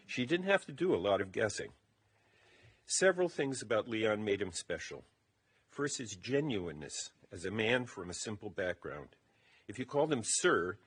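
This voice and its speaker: A man with a low, slightly husky voice gives a eulogy at a funeral service. He reads his remarks at a measured pace. The delivery is steady and deliberate. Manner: measured, reading from a text.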